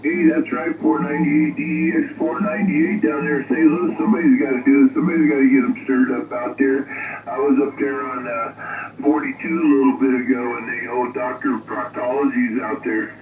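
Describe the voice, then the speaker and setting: A man's voice: medium pitch, lively intonation, a little fast, a crowd in the background. A man chatting easily on the radio with a distant station, heard through the receiver. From Northern Idaho. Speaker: radio operator. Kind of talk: casual radio chat. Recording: tinny radio signal, distant and roomy.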